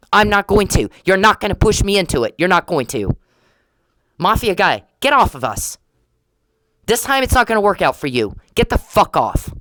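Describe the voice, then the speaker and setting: A woman's voice: on the low side, fairly bright tone, low-quality recording. A woman delivering an angry, accusing podcast monologue straight at someone she blames, repeating herself in a confrontational way. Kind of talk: angry monologue aimed at an absent person.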